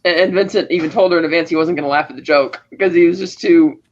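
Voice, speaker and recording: Quick high-pitched guy recapping a movie, does the characters' lines, kinda dull lo-fi sound. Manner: animated retelling, acting out lines with raised pitch. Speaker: podcast co-host. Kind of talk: casual film recap chat. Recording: dull lo-fi audio.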